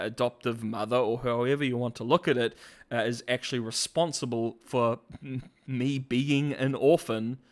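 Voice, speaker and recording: A man hosting a casual commentary vlog, rambling with slang, fillers and restarts. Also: medium pitch. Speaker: host.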